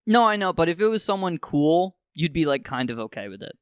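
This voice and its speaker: A man's voice: on the high side, big pitch swings, fairly quick, clean tone, no room sound, studio quality. A young man co-hosting a podcast in casual chat, chiming in with teasing, jokey remarks. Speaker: podcast co-host.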